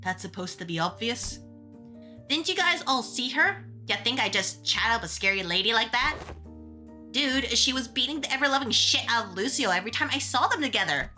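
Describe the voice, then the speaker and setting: A woman streamer chatting casually while playing a game, ranting in an animated way with quick asides and restarts. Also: fairly high pitch, soft background music. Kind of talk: casual gaming stream chat.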